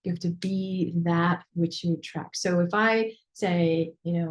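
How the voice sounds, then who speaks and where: A woman business mentor teaching in a coaching session, animated and chatty, with many fillers and asides. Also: on the low side, unhurried, few pauses.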